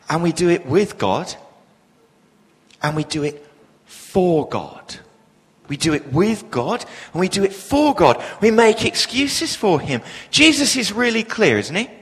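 Animated preacher in an echoey hall. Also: male voice, high voice, breathy edge. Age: 40s. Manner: humorous storytelling, animated. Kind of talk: sermon.

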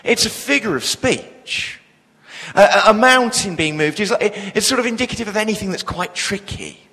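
A man's voice: sits high, lively intonation, moderate pace, bright, forceful tone, husky, in a large hall, low-quality recording. A man, preaching a sermon with humorous storytelling. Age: 40s.

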